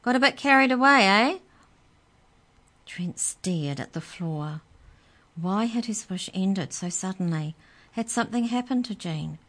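A woman reading a children's story aloud in a calm, measured way. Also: low-pitched.

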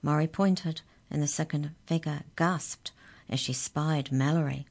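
A woman reading a children's story aloud as narrator, clear and expressive. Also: low voice, a little slow.

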